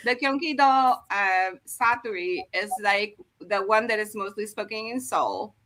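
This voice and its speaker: A woman's voice: mid-range voice, a little slow, a bit bright. A woman hosting a live stream, explaining language points in a chatty way with many fillers and restarts. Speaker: host explaining Korean dialects. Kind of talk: casual live-stream chat.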